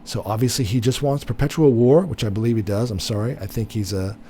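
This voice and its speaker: A man's voice: medium pitch, fast talker, warm tone, a little hiss or hum. A man giving blunt, opinionated political commentary, repeating himself with many fillers and restarts. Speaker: commentary host.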